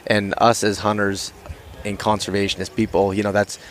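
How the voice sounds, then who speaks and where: Man, low voice, casual podcast host, rambling, faint ambient noise outdoors. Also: moderate pace. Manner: relaxed, rambling with many fillers. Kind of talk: casual interview chat. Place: outdoor archery event.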